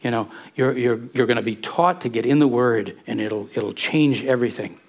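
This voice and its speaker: Animated man preaching a sermon. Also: mid-range voice, normal speed. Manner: animated, conversational preaching with rhetorical questions. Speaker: pastor.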